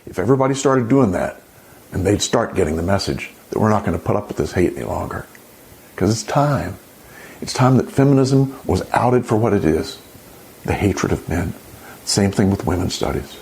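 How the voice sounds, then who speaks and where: A man's voice: fairly low pitch, expressive, normal speed, gravelly, darkish tone, slight background noise. A man hosting an opinion commentary, indignant and sarcastic, often exclaiming. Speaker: channel host.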